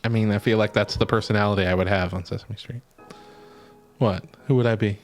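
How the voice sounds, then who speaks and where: A man's voice: lowish voice, steady tone, a little fast, soft background music. A man co-hosting a stream, chatting casually in a rambling way and laughing often. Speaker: stream co-host. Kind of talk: casual chat.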